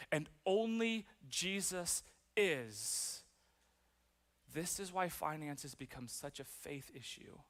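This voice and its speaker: A male pastor preaching a sermon in a chatty, self-deprecating way, full of asides and fillers. His voice is bright and sharp, and sits a little high for a man.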